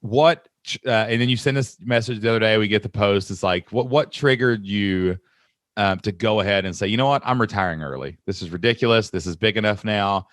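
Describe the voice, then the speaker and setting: Animated storytelling man, dry sound. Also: fairly low pitch, fairly quick, no echo. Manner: animated storyteller, excited and emphatic. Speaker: podcast host. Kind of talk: casual interview chat.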